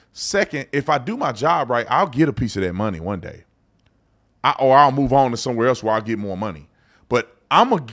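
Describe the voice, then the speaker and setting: A man, the host of a live show, telling a story in a casual, animated way and acting out the other people in it. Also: medium pitch. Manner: animated storyteller, acts out both sides of a phone call. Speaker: show host and business owner.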